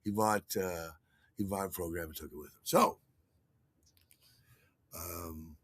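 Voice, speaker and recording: An older man spins a casual, rambling story as a podcast host, stopping to restart his sentences and chuckling at himself. His voice is bright and tense, recorded close and dry with no room sound. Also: unhurried, no room sound. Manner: animated, acts out quotes in a higher voice.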